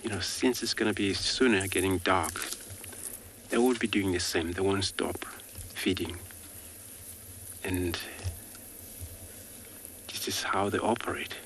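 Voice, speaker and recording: A man's voice: low voice, a little slow, long pauses, a little hiss or hum. A man working as a safari guide, giving live wildlife commentary outdoors in a loose, easygoing way full of filler words. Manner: relaxed, many filler words.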